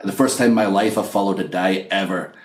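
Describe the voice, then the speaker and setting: A Scottish man in his forties, his accent with a slight American twang, talks with boastful confidence and animated storytelling. His voice sits fairly low. The sound comes over a call from an echoey room. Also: fairly quick. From Scotland. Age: 40s. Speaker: guest wrestler. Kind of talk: remote interview.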